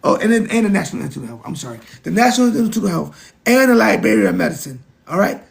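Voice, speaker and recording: A man's voice: high voice, very animated, rapid-fire, gravelly. A man hosting a casual livestream, talking to his chat in an emphatic, repetitive way. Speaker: livestream host.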